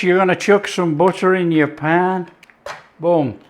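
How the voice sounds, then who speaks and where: A man's voice: high voice, fairly even intonation, unhurried. A man hosting his own cooking channel, chatting enthusiastically to viewers as he demonstrates a recipe.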